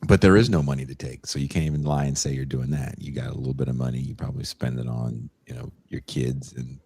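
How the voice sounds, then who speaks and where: A man's voice: very deep voice, fairly even intonation, quick pace, creaky, dark tone, breathy edge, no room sound. A man co-hosting a podcast in a casual, joking chat. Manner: jokey, slips into put-on voices. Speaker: podcast co-host.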